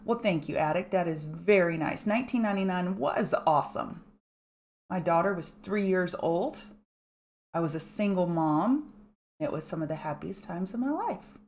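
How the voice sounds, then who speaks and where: A middle-aged woman hosting a live pre-market stream, chatty and fast, greeting viewers by name between chart notes, with a strong regional accent. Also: lowish voice, expressive, darkish tone, slight background noise. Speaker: market analyst host.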